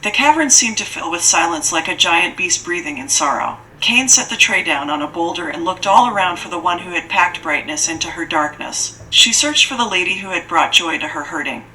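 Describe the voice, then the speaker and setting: A woman narrating a fantasy audiobook in a steady, measured way. Her voice sits somewhat low but comes across bright and forceful, and there is a faint hiss of noise behind her. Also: poor audio.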